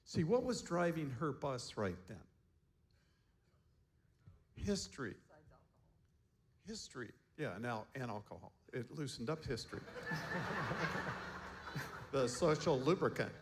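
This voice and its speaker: A man's voice: medium pitch, a little slow, pauses often. Chuckling male seminar storyteller. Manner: relaxed anecdotal telling, chuckling often. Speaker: seminar presenter and counselor. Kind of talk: storytelling talk to a seminar group.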